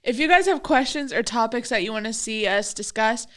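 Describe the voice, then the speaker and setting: A woman's voice: a little high, lively intonation, a little fast. A teenage girl co-hosting a faith podcast, giggly and teasing her friends. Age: teens. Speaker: podcast co-host. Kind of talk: casual chat among friends.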